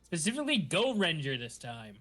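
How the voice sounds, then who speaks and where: A man hosting a podcast, recapping a show in animated, giggly casual chat. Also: fairly high pitch, fairly quick. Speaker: podcast host.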